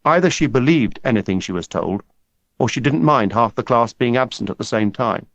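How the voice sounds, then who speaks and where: A man narrating an audiobook in a measured, steady storytelling manner. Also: mid-range voice, no room sound. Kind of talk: scripted narration. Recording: dull lo-fi dry recording.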